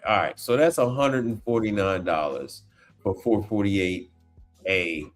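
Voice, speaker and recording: A man hosting a casual livestream, talking in an animated, slangy way, exclaiming and repeating himself as he reacts. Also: fairly low pitch, a little slow, soft background music. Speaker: appliance repair tech livestream host. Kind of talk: casual livestream chat while browsing online.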